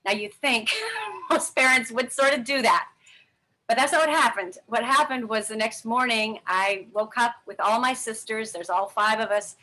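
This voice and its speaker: Bright-voiced woman telling a personal story. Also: a little high, moderate pace. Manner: candid, emotional, with frequent fillers. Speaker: interview guest.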